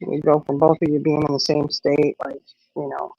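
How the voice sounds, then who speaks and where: A woman's voice: deep voice, completely flat delivery, normal speed, gravelly, no echo, lo-fi sound. A middle-aged woman hosting a casual livestream while out on a walk, rambling with lots of "you know" as she answers viewers. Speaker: livestream host. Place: outdoors on an evening walk.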